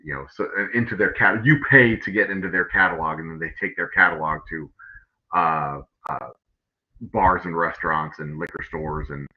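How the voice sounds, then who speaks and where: A man's voice: low voice, moderate pace, muffled recording. A man, a distillery owner telling a long, rambling story on his livestream, full of fillers, restarts and swearing. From Texas.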